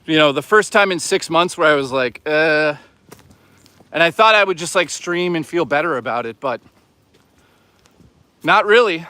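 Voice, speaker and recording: A man's voice: on the high side, lively intonation, moderate pace, pauses often, pushed and bright, clean tone. Chatty man streaming from a hike. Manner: rambling, profane, chatty with viewers. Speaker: livestream host. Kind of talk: casual livestream chat. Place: outdoors on a hike.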